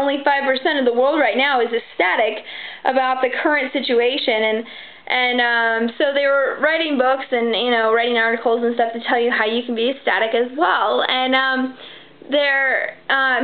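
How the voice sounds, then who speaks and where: A woman with a high voice rambles casually, full of fillers, restarts and little acted-out quotes. The sound is thin and tinny, like a phone line. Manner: acts out quoted people in her story. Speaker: vlogger giving financial advice. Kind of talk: casual chat.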